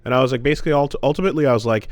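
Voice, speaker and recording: A man's voice: mid-range voice, rapid-fire, dry recording. A man co-hosting a casual podcast, rambling with lots of fillers, restarts and swearing. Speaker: podcast co-host.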